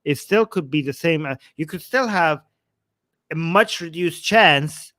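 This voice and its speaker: A man's voice: fairly high pitch, animated, measured pace, a bit bright, no echo. A man hosting a casual talk show, conversational and hedging as he reads viewer comments and questions his co-host. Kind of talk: casual debate chat.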